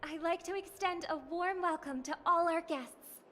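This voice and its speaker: An actress voicing a formal, gracious female host of a grand festival, giving a measured ceremonial welcome in a video game. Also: very high-pitched, fairly bright tone, slight background noise. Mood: ceremonious. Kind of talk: game voice acting.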